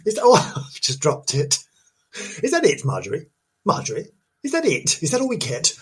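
A man's voice: a little high, huge pitch swings, normal speed, slight background noise. A man hosting a comic ghost-story podcast, gasping, giggling and repeating his phrases for effect. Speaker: podcast host. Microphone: studio mic with headphones.

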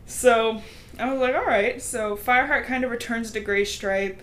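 A woman co-hosting a podcast, casually recapping a book and briefly acting out the characters' lines. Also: on the high side. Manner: quick retelling with brief acted-out cat voices. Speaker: podcast co-host.

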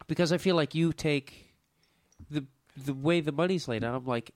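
A man's voice: on the high side, a little slow, no room sound, clean studio sound. A man, a comedian, talking candidly and with swearing on a podcast while stuffed up with a cold. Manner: candid, profane. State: stuffy nose. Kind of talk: casual podcast chat.

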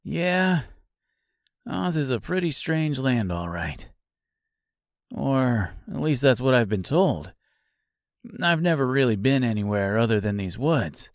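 A man's voice: medium pitch, very animated, slow, long pauses, no echo, studio quality. A man reading an audiobook, voicing an easygoing male scarecrow who talks in a nonchalant, matter-of-fact way.

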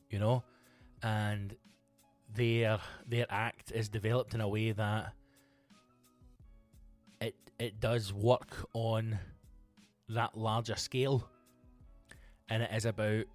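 Sweary Scottish comedian, rambling podcast chat. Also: male voice, fairly low pitch. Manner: rambling and sweary, with frequent restarts. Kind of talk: casual solo podcast chat.

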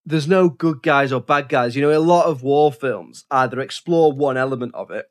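A man's voice: medium pitch, normal speed. A man co-hosting a casual film podcast, thinking aloud with frequent restarts and fillers. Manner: thoughtful, many restarts and fillers.

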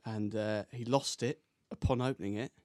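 A man's voice: on the low side, fairly even intonation, normal speed, a little mellow, no room sound, clean studio sound. A young man telling a casual anecdote on a podcast, laughing as he builds to the punchline.

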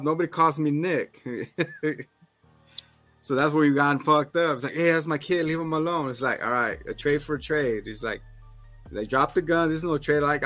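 A man's voice: mid-range voice, sharp tone. A man co-hosting a podcast, casually recapping a TV episode, swearing freely and acting out lines from scenes with laughs. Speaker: podcast co-host.

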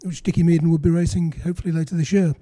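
A man's voice: fairly high pitch, level tone, very fast, mellow. A man who writes for a magazine, chatting casually on a panel with a few fillers. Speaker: magazine journalist.

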